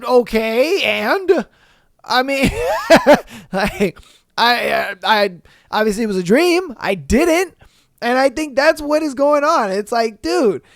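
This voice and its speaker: A man's voice: very high voice, no room sound, studio quality. A man hosting a podcast who reads a listener's story aloud, then comments on it bluntly and animatedly, swearing casually. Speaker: podcast host.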